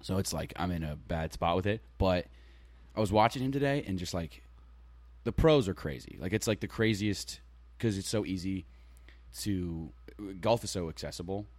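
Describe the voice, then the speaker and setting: A young man co-hosting a casual podcast, joking and laughing, sometimes breaking into loud chants. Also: sits low, normal speed, no room sound. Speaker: podcast co-host. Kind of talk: casual chat.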